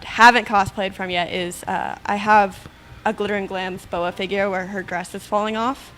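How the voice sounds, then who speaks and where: A woman's voice: mid-range voice, fairly even intonation, moderate pace, a bit bright, a little hiss or hum. A woman guest talking casually in a studio interview, bubbly and giggly, with many ums. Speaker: guest, figure collector and cosplayer.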